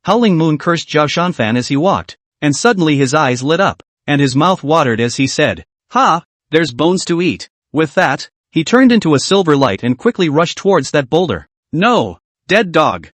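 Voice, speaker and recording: Man, recap narrator, steady storytelling, animated intonation, dry close sound. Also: fairly high pitch, normal speed, few pauses, dry recording.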